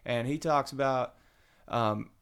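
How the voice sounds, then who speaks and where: A man tells his story in a loose, animated way, slipping into the voices of the people he quotes. His voice has a gravelly, fried edge, sitting at an ordinary pitch for a man. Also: takes it slowly. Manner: animated, acts out quoted voices, Southern colloquial. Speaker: guest telling his recovery testimony. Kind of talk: casual storytelling.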